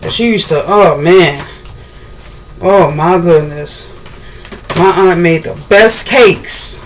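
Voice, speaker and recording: A woman chatting casually while demonstrating a recipe in her home kitchen, rambling, with sudden excited bursts. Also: on the low side, slow pace, a little hiss or hum. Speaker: cooking vlogger.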